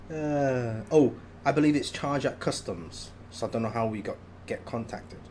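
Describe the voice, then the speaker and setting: A man's voice: medium pitch, lively intonation, slow pace, a little mellow, a little hiss or hum. A man co-hosting a casual stream, chiming in with short jokey asides and laughing. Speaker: co-host. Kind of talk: casual livestream chat.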